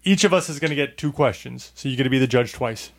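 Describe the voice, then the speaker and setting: A man's voice: medium pitch, expressive, fast. A man hosting a casual podcast, teasing his co-host and explaining the rules of a game.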